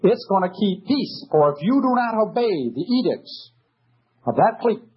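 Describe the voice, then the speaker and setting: Man, political lecture, emphatic, sarcastic, husky, lo-fi recording. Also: high voice, very animated, normal speed. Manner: emphatic, sarcastic, rhetorical questions. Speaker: speaker.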